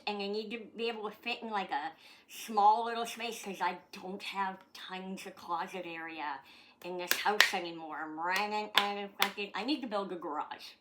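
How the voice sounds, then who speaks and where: A middle-aged Canadian woman vlogs from home, chatting casually and rambling, with an occasional swear word. Her voice is mid-range and a bit bright.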